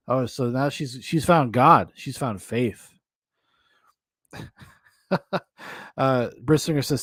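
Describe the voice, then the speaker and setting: A man's voice: mid-range voice, takes it slowly, pauses often, a bit bright, no room sound, clean studio sound. Mocking, profane male podcast host. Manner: mocking, profane, laughing asides. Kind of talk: casual commentary on videos and chat.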